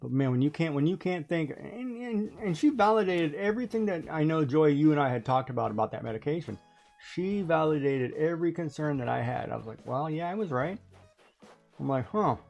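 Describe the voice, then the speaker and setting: A woman's voice: deep voice, expressive, brisk, creaky, a little mellow, lo-fi sound. Woman streamer, casual storytelling, laughs a lot, faint music behind. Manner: chatty storytelling, laughing often. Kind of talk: casual chat while playing a game.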